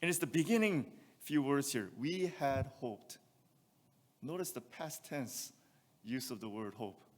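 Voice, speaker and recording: A man's voice: medium pitch, animated, normal speed, long reverb tail. A male pastor preaching a sermon, reading scripture aloud and asking rhetorical questions. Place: church sanctuary.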